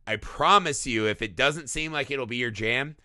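A man co-hosting a film podcast, talking casually and profanely, slipping into quick character voices. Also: mid-range voice, sharp tone, clear, resonant tone, no echo, clean studio sound. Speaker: podcast co-host.

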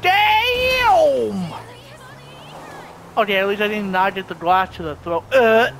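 A man giving casual gameplay commentary, swearing and trash-talking other players, with sudden loud outbursts. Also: high-pitched, fairly even intonation, fast talker. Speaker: gamer. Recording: clear game noise behind voice.

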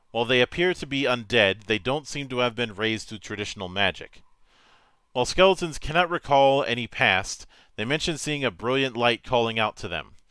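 Bright, clear-voiced man reading game rules. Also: medium pitch, dry recording. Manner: measured, matter-of-fact reading with small stumbles. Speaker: game master.

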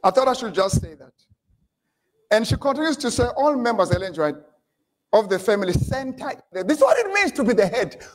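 A man preaching a sermon in a church, switching between English and Xhosa and building up to shouted lines. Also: sits high, sing-song, brisk. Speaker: pastor.

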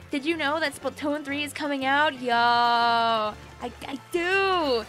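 A young woman streamer giving excitable, teasing commentary on her own gameplay from a desk microphone at home. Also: high-pitched, slow, soft background music. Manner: playful, teasing, squealing and laughing often. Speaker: gaming streamer.

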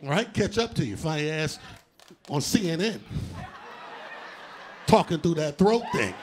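A man doing a live stand-up set, loud and animated, shouting out punchlines and acting out other people's voices. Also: on the high side, a little slow, noisy background. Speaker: stand-up comedian. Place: theater stage before a live audience.

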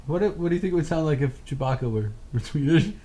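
A man's voice: on the high side, animated, quick pace, warm tone, slight background noise. A man casually joining a let's-play session, asking teasing, wry questions. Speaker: co-commentator.

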